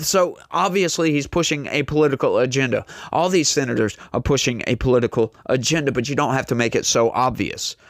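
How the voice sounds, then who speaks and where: A man talks through a political clip in heated reaction commentary. He rants with sarcasm and indignation, his voice a bit high. The sound is dry and close. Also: a bit bright, no echo.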